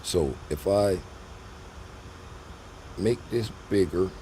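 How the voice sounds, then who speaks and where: Speaking extremely slowly in a deep, mellow voice, this trading educator wanders through a casual screen-share lesson. His delivery is loose and repetitive, aimed straight at viewers, and a little hiss or hum sits under the recording.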